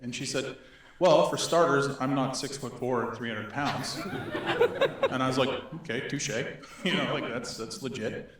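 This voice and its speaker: A middle-aged man from Northern Alberta telling a story to an audience, animated and laughing as he acts out the voices in it. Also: mid-range voice, a little slow. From Northern Alberta, Canada. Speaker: speaker. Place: synagogue hall. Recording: echoey hall.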